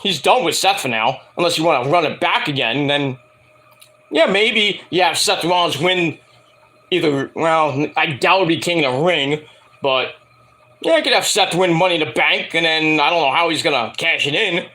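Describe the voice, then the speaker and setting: A man's voice: on the high side, lively intonation, moderate pace, pushed and bright. A man reviewing a wrestling show for his viewers, rambling and profane, with jokey asides. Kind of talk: casual rant to viewers.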